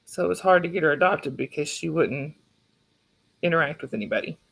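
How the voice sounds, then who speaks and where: Southern woman host, low gravelly voice, chatty, laughs easily, phone mic at home. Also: brisk, fairly bright tone. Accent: Southern US (North Georgia). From North Georgia, USA. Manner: chatty, laughs often, talks to her pets and child. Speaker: livestream host. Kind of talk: casual chat.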